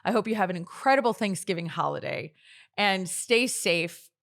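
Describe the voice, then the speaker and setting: A woman's voice: expressive, normal speed, vocal fry, a bit bright. A woman in her thirties hosting her own late-night show, chatty and gushing, laughing often between lines. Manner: mock-commercial sales pitch.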